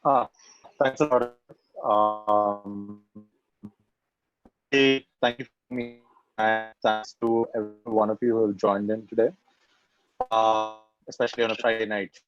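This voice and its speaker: A man with an Indian English accent giving a webinar talk over a video call, soft-spoken and often pausing with "um". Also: fairly low pitch, flat delivery, soft background music. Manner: soft-spoken, frequent ums. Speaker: guest speaker. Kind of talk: webinar presentation. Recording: dull, dry video call audio.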